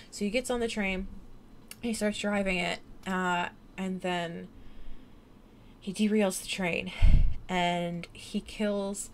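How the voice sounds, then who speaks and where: A tired woman rambles through late-night chat with lots of ums and likes and small giggles. Her voice sits at a middling pitch, with faint background noise. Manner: rambling, giggly, many fillers. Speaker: streamer.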